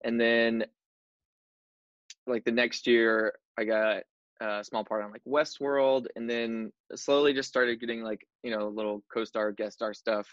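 A young actor, appearing as a guest, chats casually about his career in an unhurried, mid-range voice that stays fairly even and sounds fairly bright. He's easygoing and says "like" and "dude" a lot. The recording is dry, dull, and lo-fi.

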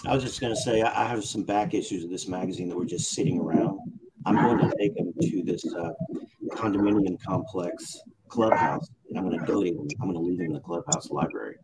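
A man's voice: sits low, brisk, heavy background noise. A man chatting as a guest on a live stream, talking in a rambling way and breaking off mid-sentence. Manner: rambling, self-interrupting. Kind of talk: casual live stream chat.

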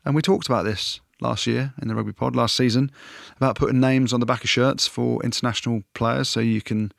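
A man co-hosting a rugby podcast, talking in lively, jokey banter and handing out punchy verdicts. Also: mid-range voice, fairly quick, gravelly, no room sound, studio quality. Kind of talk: casual sports banter.

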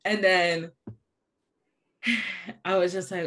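Fast-talking young woman co-host. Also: lowish voice, fairly bright tone. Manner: fast, chatty, calls people "babes". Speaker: podcast co-host. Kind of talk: casual book-club chat.

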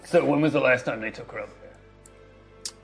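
A man with a gravelly, creaky voice plays a tabletop role-play. He asks questions in a playful, loose way, laughs between lines and trails off with fillers. His pitch sits mid-range, and soft music plays faintly behind him. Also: normal speed. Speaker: player.

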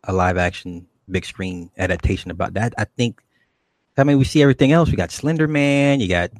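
A man's voice: on the low side, brisk, dry recording. An American man hosting a live stream, talking loosely in a rambling, casual way, swearing often and calling his guest brother.

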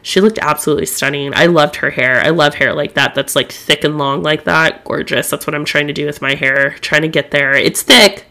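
A woman's voice: low voice, fairly even intonation, fairly quick, few pauses, bright, forceful tone. A young woman hosting a podcast alone, chatting candidly and swearing freely. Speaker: podcast host. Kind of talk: casual solo podcast chat.

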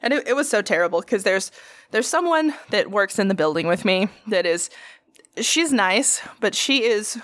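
A young woman co-hosting a podcast, telling workplace stories in a casual, animated way and acting out quotes. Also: medium pitch, normal speed. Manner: animated, acts out quotes, laughs often. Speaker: podcast co-host. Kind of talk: casual storytelling chat.

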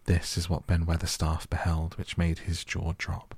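A man narrating a storybook audiobook for sleep in a calm, gentle, measured way. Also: deep voice, breathy edge, dry recording. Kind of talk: soft bedtime audiobook reading.

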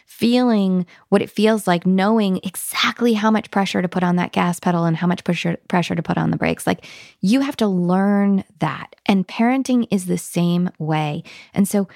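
A woman hosting a parenting podcast, warmly affirming her guest and reflecting on parenting. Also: fairly low pitch, creaky, no echo, studio quality. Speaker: podcast host. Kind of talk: casual conversation.

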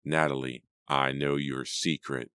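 Man doing a low insistent teen boy, accusing tone, super deep, dry sound. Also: steady tone, normal speed, a bit bright, no room sound. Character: moody insistent teenage boyfriend.

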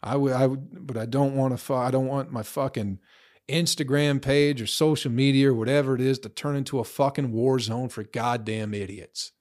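A man's voice: medium pitch, fairly even intonation, normal speed, darkish tone. A young man in a profane, rambling casual rant, blunt, tossing in "bro" and "you know" often. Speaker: vlogger.

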